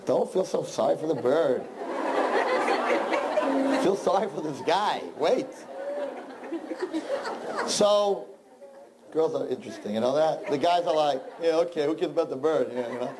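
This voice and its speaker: A man telling a long folk joke to a group, animated, with chatty asides. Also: a little high, poor audio. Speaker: storyteller.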